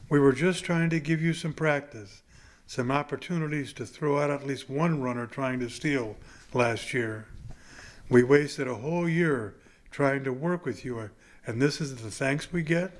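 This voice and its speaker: A man doing a wisecracking young pitcher. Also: unhurried, natural voice. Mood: bantering. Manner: warm, then sarcastic. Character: friendly young male baseball pitcher, wisecracking.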